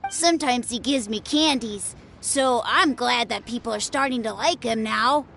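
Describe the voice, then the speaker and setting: A woman voicing an eager, easily flattered young girl who fancies herself a sword master, in video game dialogue. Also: a little high, moderate pace, gravelly, a little hiss or hum. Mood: chatty. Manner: bouncy, excited, easily flattered.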